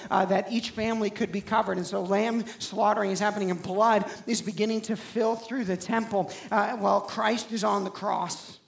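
A man preaching a sermon as pastor, moving from quiet storytelling into loud, shouted preaching. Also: high voice, creaky, echoey room.

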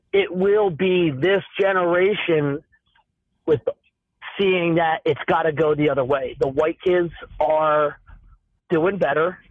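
A man's voice: on the high side, no room sound. A man in his late thirties talking candidly as a guest, rambling and emphatic, with frequent restarts and some swearing. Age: 30s. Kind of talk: candid conversational talk. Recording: tinny phone-like sound, dry.

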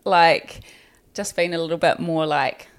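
A woman's voice: low voice, fairly even intonation, measured pace. A woman, co-hosting a podcast in casual chat, talking with many fillers and frequent laughs. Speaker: podcast co-host.

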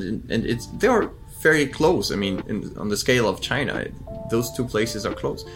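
A middle-aged man appears as a guest in a casual interview, speaking thoughtfully, restarting his sentences often, and imitating accents while laughing. His voice sits on the low side with a slightly bright quality.

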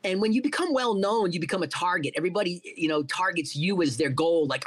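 High-voiced, profane storyteller man. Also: fast talker, slightly rough. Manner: profane, animated storyteller acting out quotes. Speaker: guest, cannabis entrepreneur. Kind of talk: casual interview storytelling.

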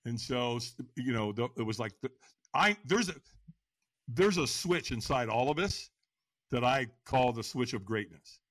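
A man telling his story as a podcast guest, lively and animated, acting out quotes and laughing often. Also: a little slow, no echo. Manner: lively storyteller, acts out quotes with big pitch jumps. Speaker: guest, firewalk instructor.

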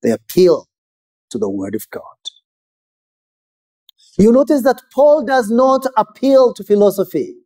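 A man preaching a sermon in a measured, emphatic way with pauses. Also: high-pitched, big pitch swings, warm tone.

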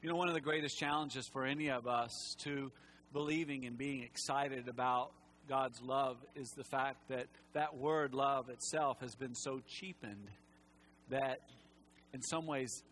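A male pastor preaching a sermon in a church, impassioned and swinging from loud to hushed, and at times close to tears. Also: mid-range voice, fairly even intonation, measured pace, slight background noise, low-quality recording. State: emotional, near tears. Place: church sanctuary.

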